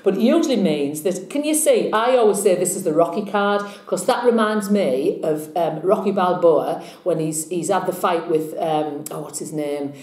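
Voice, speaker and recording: A woman reads tarot cards and cracks jokes in a casual vlog, chatty and rambling and laughing at herself. Her voice is fairly low and a little mellow, moving at a normal speed with few pauses, in an echoey room.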